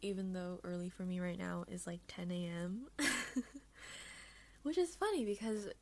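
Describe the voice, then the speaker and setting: A woman's voice: lowish voice, moderate pace, a little mellow. Bubbly, rambling young woman podcaster. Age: young adult. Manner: rambling, bubbly, self-deprecating, giggly. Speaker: podcast host. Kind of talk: casual solo chat. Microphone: earphone mic.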